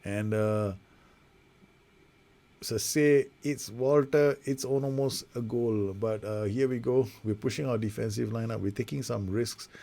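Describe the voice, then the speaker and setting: A man's voice: mid-range voice, unhurried, vocal fry, dark tone. A man giving casual, rambling, self-mocking play-by-play commentary over a football management game he is playing. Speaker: gaming video host.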